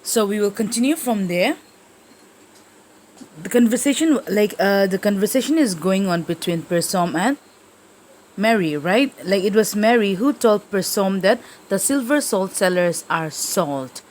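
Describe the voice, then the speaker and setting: A woman's voice: mid-range voice, expressive, measured pace, a little mellow, slight background noise, rough recording. A woman teacher explaining a play to her class, often checking in with the listeners and using fillers. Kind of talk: literature lesson explanation.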